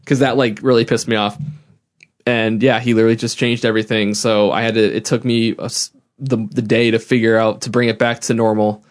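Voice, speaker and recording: A man's voice: mid-range voice, level tone, a little fast. A young man co-hosting a casual podcast, rambling with lots of fillers and restarts and laughing often. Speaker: podcast co-host. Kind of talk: casual chat.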